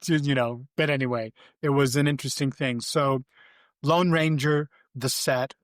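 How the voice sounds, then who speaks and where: An older man, a podcast guest, telling animated and rambling anecdotes with frequent restarts. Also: medium pitch, normal speed, dry recording, clean studio sound. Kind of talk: casual interview storytelling.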